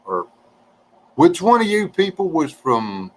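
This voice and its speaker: A man's voice: on the high side, very animated, takes it slowly, a little hiss or hum, rough recording. A man, chatting casually and joking with viewers on a livestream. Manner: folksy, joking, reading chat aloud.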